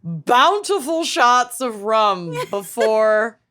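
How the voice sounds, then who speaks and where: A woman's voice: fairly high pitch, very animated, very slow, a bit bright. A young woman co-hosting a casual podcast, joking and laughing with her friends. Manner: bubbly, joking, laughs often. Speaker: podcast co-host. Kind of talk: casual chat.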